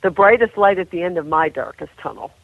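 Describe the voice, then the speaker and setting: A woman guest talking with deep feeling and animation about the rescue dogs she loves and a book she wrote. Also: a little fast, dry recording, narrow, tinny audio. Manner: heartfelt, animated, full of feeling. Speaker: guest, author of a dog book. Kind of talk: emotional interview storytelling.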